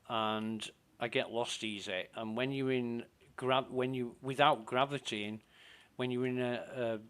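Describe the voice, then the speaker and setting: A man's voice: medium pitch, fairly bright tone, clean tone. A man giving casual, self-mumbling commentary while playing a space game. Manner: slow, muttering to himself, self-deprecating.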